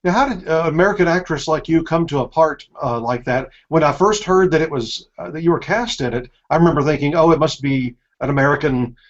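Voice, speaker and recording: A man's voice: a little high, quick pace, hardly any pauses. Man hosting an online interview, muffled. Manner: conversational, reads viewer questions aloud. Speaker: interview host, entertainment editor. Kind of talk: casual interview questions. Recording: muffled lo-fi audio.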